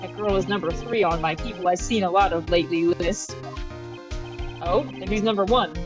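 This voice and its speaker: A woman's voice: lowish voice, moderate pace, close to an everyday voice. A woman voicing a scruffy, broke, goofy male detective in a blustery way, over game music. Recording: dull lo-fi audio.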